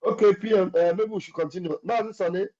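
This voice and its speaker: A man moderating a live call-in broadcast, talking in a lively, jokey way. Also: sits high, quick pace, lo-fi sound. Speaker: media team moderator.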